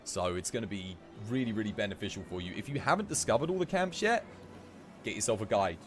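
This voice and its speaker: A man streaming live and chatting casually as he plays, given to high giggling fits. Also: animated, fast talker, faint music behind. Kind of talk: live gameplay commentary.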